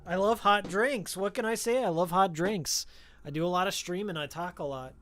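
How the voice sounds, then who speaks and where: A man's voice: high voice, normal speed, fairly bright tone. A man streaming a game, chatting casually and rambling into tangents about old games, on a studio microphone with a pop filter. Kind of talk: casual live-stream chat while playing.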